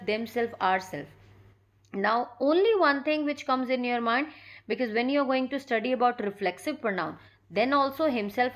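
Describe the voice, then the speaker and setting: A woman teacher, explaining a grammar lesson step by step and often pausing with "uh". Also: high voice. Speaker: English teacher.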